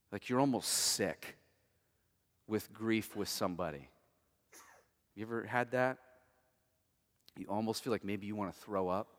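A man preaching a sermon as pastor, conversational, moving between hushed and emphatic. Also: lowish voice, long reverb tail.

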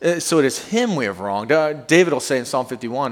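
Animated male pastor in a reverberant hall. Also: mid-range voice, moderate pace, hardly any pauses. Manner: animated, conversational preaching with restarts. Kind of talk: sermon. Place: church sanctuary.

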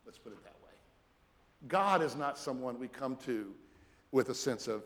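A man, a pastor, preaching a sermon in an earnest manner, sinking low and quiet for prayer. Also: lively intonation, moderate pace, long pauses. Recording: reverberant church hall.

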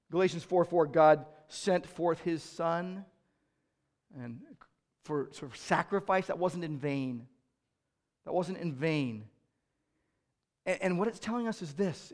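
A man preaching a sermon in a fairly high voice. He repeats his key lines for weight and swells toward passionate, emphatic peaks. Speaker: pastor.

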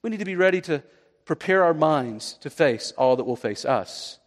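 A man's voice: on the high side, animated, moderate pace, long reverb tail. A man preaching a sermon as pastor, conversational and rising to emphatic peaks.

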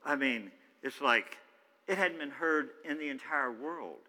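A man preaching a sermon, animated, swinging between loud excited bursts and hushed asides, acting out the Bible characters in his own voice. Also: mid-range voice, unhurried. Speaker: pastor. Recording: long reverb of a large hall.

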